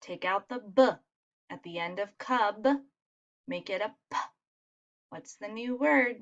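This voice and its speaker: A woman's voice: medium pitch, unhurried, lo-fi sound. A woman teacher giving a recorded phonics lesson for children, patient and encouraging as she spells out sounds.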